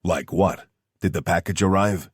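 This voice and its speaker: A man voicing a hot-tempered male commander on the phone, exasperated and loud. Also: low-pitched, moderate pace, breathy edge, no room sound, studio quality.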